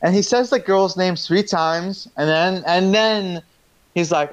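Young guy, rambling slangy storyteller, a bit high-pitched. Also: a little slow. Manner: rambling, slangy, profane, restarts often. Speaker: storyteller in casual chat. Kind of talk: casual chat. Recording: dull lo-fi sound.

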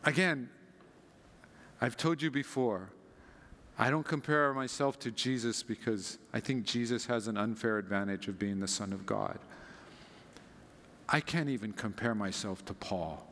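A man preaching a sermon as a pastor, conversational and animated, acting out quoted passages with dramatic readings. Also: lowish voice, measured pace, long pauses, big-room sound.

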